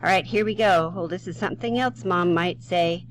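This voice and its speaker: A woman's voice: lowish voice, normal speed, a little hiss or hum, poor audio. A woman teaching a grammar lesson to young children, playful and chatty, talking straight to them with questions.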